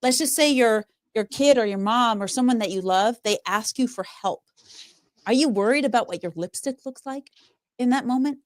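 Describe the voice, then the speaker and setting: Brief: female speaking coach, slightly high voice, punchy and animated, dry close recording. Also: normal speed, dry recording. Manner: emphatic, animated storytelling. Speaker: public speaker and trainer. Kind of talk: conversational podcast interview.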